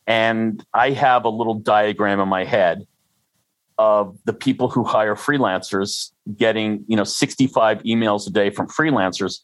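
An older freelancer as an interview guest, rambling and self-deprecating with frequent restarts. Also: male voice, fairly low pitch, a little slow, dry recording, low-quality recording. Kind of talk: conversational interview.

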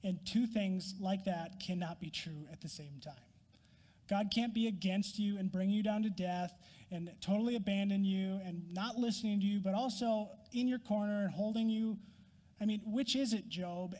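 A man's voice: high voice, moderate pace, dark tone, big-room sound. A man preaching a sermon, emphatic and honest, acting out Job's complaints to God with rising intensity and dropping to whispers. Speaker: pastor.

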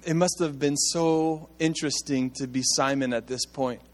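A man preaching a sermon as pastor, conversational and animated, with asides to his congregation. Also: medium pitch, normal speed, big-room sound, soft background music.

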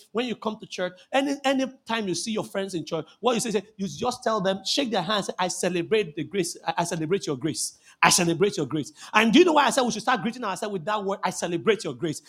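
Very high-voiced fervent Nigerian preacher. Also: male voice, breathy edge. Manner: fervent, often shouting, repeats phrases for emphasis. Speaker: pastor. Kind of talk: sermon.

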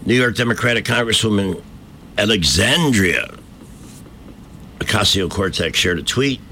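A man's voice: on the low side, lively intonation, a little slow, sharp tone, a little hiss or hum. A man hosting a talk radio show, delivering combative, mocking opinion commentary from a studio microphone.

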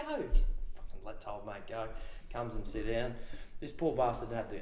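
Australian man, podcast guest, casual storytelling, mid pitch, swears a lot, roomy echo. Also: animated, normal speed. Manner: swearing, laughing anecdote teller.

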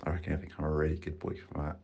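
Deep-voiced cheery man. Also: monotone, racing, darkish tone, husky, dull audio. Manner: cheerful, swearing, describes his actions. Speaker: podcast co-host. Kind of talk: comedic role-play banter.

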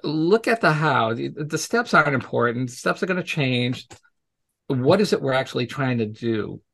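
A man's voice: medium pitch, expressive, moderate pace, creaky, fairly bright tone. A man as an interview guest, casually telling stories from his teaching work, acting out the voices of people he quotes and laughing often. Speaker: podcast guest, educator.

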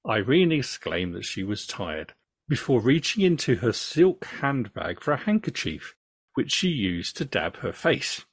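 An English man hosting a podcast, reading case notes in a true crime story with relaxed asides. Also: lowish voice, husky, no room sound.

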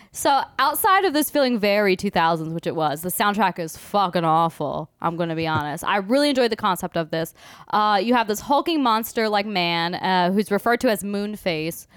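A woman hosts a horror movie podcast in loose, joking chat and laughs often. Her voice is smooth and clear, recorded close on a dry mic with no room sound. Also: mid-range voice, animated, normal speed, no echo. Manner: joking, laughs often, stumbles over names. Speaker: podcast host. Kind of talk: casual chat.

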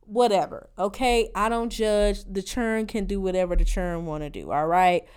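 A woman in her forties delivering a profane, exasperated comedic rant as a podcast host, voice swinging between loud outbursts and low mutters. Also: steady tone, normal speed, smooth.

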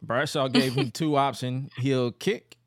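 Podcast guy recapping wrestling, animated, laughs a lot, dry close sound. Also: normal speed, no room sound. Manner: animated storyteller, laughs often, jumps into high mocking voices for quotes. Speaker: podcast co-host. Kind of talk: casual chat recapping wrestling.

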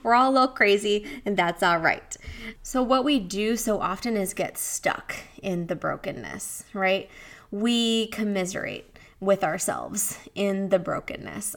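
A woman's voice: mid-range voice, unhurried, a bit bright. A woman in her thirties hosting a solo wellness podcast, chatty and candid, often laughing and acting out inner voices. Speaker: podcast host and wellness coach.

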